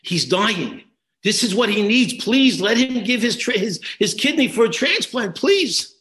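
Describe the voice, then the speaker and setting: A man's voice: on the high side, lively intonation, moderate pace, a bit bright. A man doing a frantic, pleading father. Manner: pleading, urgent. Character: desperate father pleading for his son.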